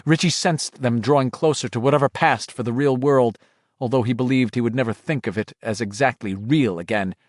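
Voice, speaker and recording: A man's voice: mid-range voice, fairly quick, dry recording, clean studio sound. A man reading a horror audiobook aloud in dramatic scripted narration. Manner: dramatic, shifting delivery.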